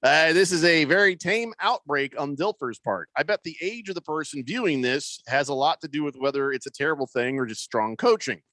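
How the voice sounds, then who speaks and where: Lively middle-aged sports radio host. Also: male voice, on the high side, fairly quick, few pauses, no room sound. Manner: chatty, wry, lots of fillers. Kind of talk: casual radio banter, reading listener texts. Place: radio studio. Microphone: studio microphone.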